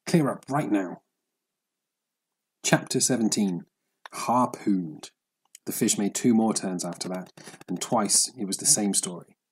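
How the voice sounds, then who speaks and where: A man narrating a story in a steady, measured audiobook reading. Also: on the low side, a little hiss or hum, poor audio.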